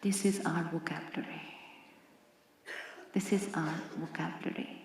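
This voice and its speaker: A woman's voice: sits low, fairly even intonation, moderate pace, gravelly, a crowd in the background. A woman from India with an Indian accent, giving a spiritual talk to a live audience and asking them many rhetorical questions. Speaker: spiritual teacher. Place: large hall with an audience. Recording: very echoey hall.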